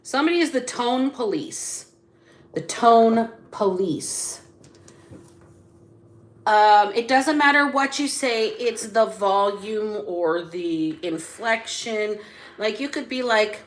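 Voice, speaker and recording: A woman's voice: medium pitch, takes it slowly. A woman doing a spiritual tarot reading, blunt and casual, drawing words out with sudden emphatic bursts. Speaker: psychic tarot reader.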